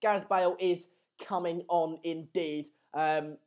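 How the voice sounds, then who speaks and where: A young man with a noticeably high voice hosts a live football stream. He breaks off his play-by-play to read viewer comments aloud, keeping the banter loose and chatty. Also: fairly even intonation, a little slow, darkish tone. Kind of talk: live match watchalong commentary.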